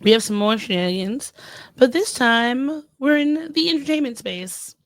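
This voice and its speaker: A woman's voice: a little high, expressive, moderate pace, dry recording. A woman co-hosting a podcast in casual chat, asking curious questions and laughing easily. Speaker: podcast co-host.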